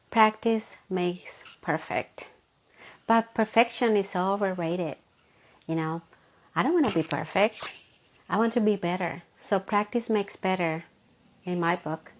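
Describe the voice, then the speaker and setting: A woman's voice: on the low side, moderate pace, rough recording. Earnest woman giving a motivational talk. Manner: earnest, talks with rhetorical questions. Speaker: motivational speaker. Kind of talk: live motivational talk to camera. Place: home office.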